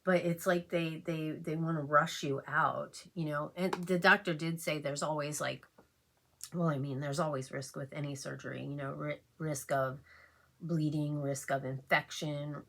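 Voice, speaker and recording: Middle-aged woman, low and gravelly, chatting haltingly and emotionally in a home get-ready-with-me vlog. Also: steady tone, fairly bright tone. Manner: rambling, halting, many fillers and restarts. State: emotional, close to tears. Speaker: beauty vlogger. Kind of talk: casual chat while getting ready.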